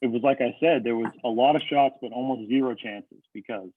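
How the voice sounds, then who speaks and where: A man's voice: mid-range voice, a little fast, husky, no room sound. A young man co-hosting a sports podcast, talking casually but methodically as he walks through his reasoning. His voice comes through a narrow, phone-like line with a dry, close sound. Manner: analytical, breaks down points in order. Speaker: podcast co-host.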